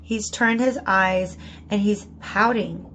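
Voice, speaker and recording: A woman's voice: medium pitch, steady tone, takes it slowly, a bit bright, slight background noise. A woman giving a casual spoken tarot reading, chatty and prone to repeating herself, often checking in with "okay?". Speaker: tarot reader.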